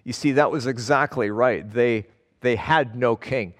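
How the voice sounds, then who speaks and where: The male pastor's medium-pitched voice is fairly bright, and his delivery is unhurried as he reads and explains scripture. His preaching is earnest and emphatic, stressing words one by one, with the long reverb of a large hall behind it.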